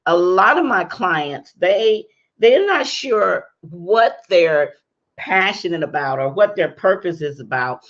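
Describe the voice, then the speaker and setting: A woman's voice: fairly low pitch, expressive, slow pace, muffled recording. A woman hosting a live-stream talk show, chatty and upbeat, greeting viewers by name, her voice strained by a cold. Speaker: talk show host and interview coach.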